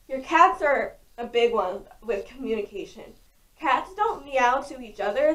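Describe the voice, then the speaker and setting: Young woman vlogger, loud and frank, a bit high, recorded from a distance. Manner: talks loudly and frankly, with many fillers. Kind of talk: casual chat to camera. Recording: voice distant from the mic.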